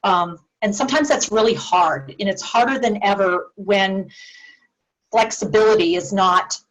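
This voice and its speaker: A woman's voice: medium pitch, unhurried, poor audio. Woman educator explaining dementia communication, earnest, acts out little example lines. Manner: earnest, acts out sample phrases with shifting tone. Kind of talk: presentation to a support group.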